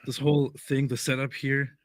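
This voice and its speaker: A man co-hosting a live reaction stream, relaxed and appreciative. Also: medium pitch, normal speed, no echo. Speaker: co-host.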